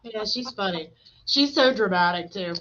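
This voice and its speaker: A woman in her thirties hosting a podcast, chatting casually and telling animated stories with voiced quotes. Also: mid-range voice, moderate pace, a crowd in the background. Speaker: podcast host. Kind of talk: casual chat. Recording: dull lo-fi sound.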